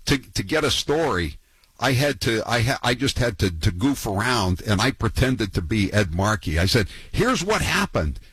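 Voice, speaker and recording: A man's voice: lowish voice, normal speed, fairly bright tone, breathy edge, no echo, low-quality recording. A man hosting a call-in radio show, telling wry, gossipy, rambling stories to callers. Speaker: talk radio host.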